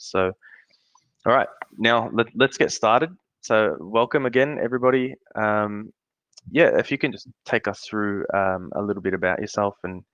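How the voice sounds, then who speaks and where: An Australian man with a low voice hosts a casual live Q&A in a friendly, easygoing way. His voice is dry and close, and it comes through the dull, lo-fi audio of a video call. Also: a bit bright, no echo. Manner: laid-back, chatty, friendly. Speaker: AMA host. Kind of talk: casual live-stream Q&A hosting.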